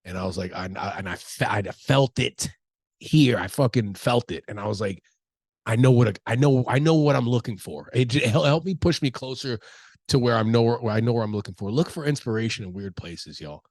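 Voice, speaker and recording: A comedian in his thirties hosts his own show solo, stuffy from allergies, rambling loosely with plenty of profanity. His lowish voice is animated and brisk, with no echo.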